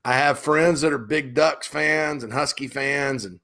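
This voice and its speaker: A middle-aged man hosting a sports talk show, telling rambling, animated stories full of restarts in a casual chat. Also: a little high, unhurried.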